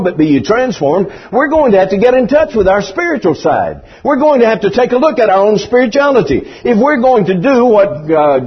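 A man's voice: husky, dull audio. An older man, preaching a sermon in a folksy storytelling way. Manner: folksy storytelling preaching with big pitch swings.

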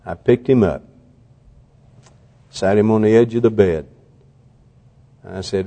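An older man preaching a sermon, telling stories, swinging from loud and high to hushed. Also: takes it slowly, long pauses. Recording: long hall reverb.

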